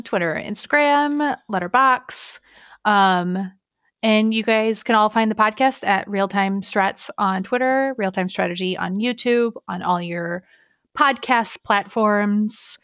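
A woman's voice: fairly high pitch, a little slow, a bit bright, smooth, no echo, studio quality. A woman co-hosting a podcast in casual chat, chatty and giggly with lots of fillers. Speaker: podcast co-host.

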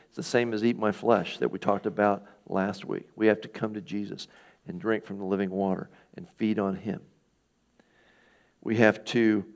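A man's voice: lowish voice, gravelly, darkish tone. A middle-aged man preaching a sermon in a conversational way, asking his listeners questions and acting out the people in the passage. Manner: conversational, asks the listeners questions, acts out quoted speakers. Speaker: pastor.

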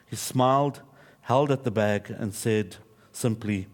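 A man preaching in church, telling a story and leading a prayer in a steady, reverent voice. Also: lowish voice, slow pace. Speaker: pastor. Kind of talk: sermon with storytelling and closing prayer.

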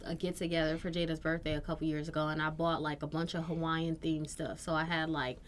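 A woman in her thirties with a lowish voice co-hosts a podcast and chats casually about her family. She rambles through her stories, full of "like" and "um" fillers. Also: little pitch movement, quick pace, a little hiss or hum. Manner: chatty storyteller with many fillers. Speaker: podcast co-host. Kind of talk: casual chat.

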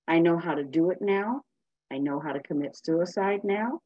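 A woman's voice: lowish voice, normal speed, warm tone, no room sound, lo-fi sound. Blunt, plain-spoken woman sharing her story. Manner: blunt, earthy and emphatic. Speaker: meeting speaker. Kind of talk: personal recovery share.

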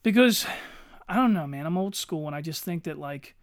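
High-voiced swearing podcast guy. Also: lively intonation, moderate pace, no room sound, studio quality. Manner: blunt, swears freely. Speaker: podcast co-host. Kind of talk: casual chat.

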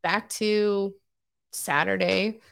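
A woman co-hosting a married couple's podcast in casual chat, easygoing and quick to giggle. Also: mid-range voice, steady tone, gravelly, fairly bright tone, clean tone. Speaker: podcast co-host.

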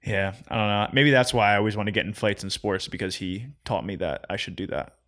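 A man's voice: lowish voice, fairly quick, fairly bright tone. A young man chatting casually as a podcast co-host, laid-back, with lots of "like" and "bro". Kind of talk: casual chat.

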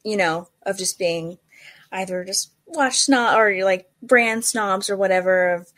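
A young woman chatting casually in a group, telling animated stories and acting out what people said. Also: a little slow. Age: young adult. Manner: animated storyteller, acts out quotes with rising pitch. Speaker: watch enthusiast guest.

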